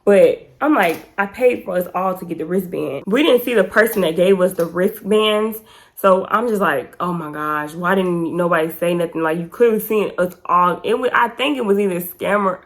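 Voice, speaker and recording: Animated young woman telling a storytime. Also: moderate pace. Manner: animated, acts out quotes in raised pitch. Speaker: vlogger. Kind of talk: casual storytime.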